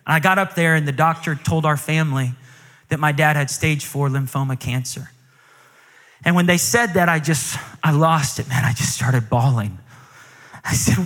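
A man in his thirties preaching a storytelling sermon as a guest speaker, animated and acting out the dialogue in his stories. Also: moderate pace. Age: 30s. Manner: animated, acts out quoted dialogue, pitch climbs with emotion. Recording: long reverb of a large hall.

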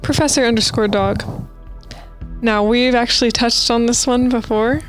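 A woman co-hosts a podcast in a fairly high voice with fairly even intonation at normal speed, with faint music in the background. She reads listener stories aloud casually and playfully, adding asides and laughing.

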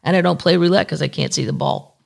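Gravelly, profane podcast host. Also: mid-range voice, fast. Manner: candid, profane, rambling; reads news aloud with asides. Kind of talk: casual chat.

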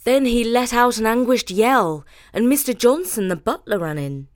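A woman hosting a show, reading a children's story aloud in an expressive way. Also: on the high side, moderate pace, no echo, clean studio sound. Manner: expressive, animated. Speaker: host reading children's stories.

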